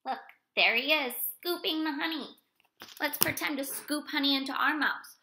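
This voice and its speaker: A woman reading a picture book aloud to small children in a lively, animated way. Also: high-pitched, moderate pace, noisy background. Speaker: storyteller for children.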